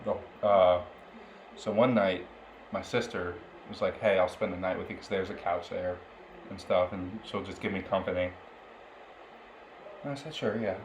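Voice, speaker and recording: A man's voice: sits low, fairly even intonation, normal speed, long pauses. A young man co-hosting a podcast, telling a story in casual chat and laughing often along the way. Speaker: podcast co-host. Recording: roomy, with faint background noise.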